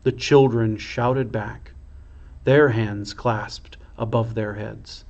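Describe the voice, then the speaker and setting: A man, a priest, reading a children's storybook aloud in a slow, expressive way. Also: lowish voice, muffled recording.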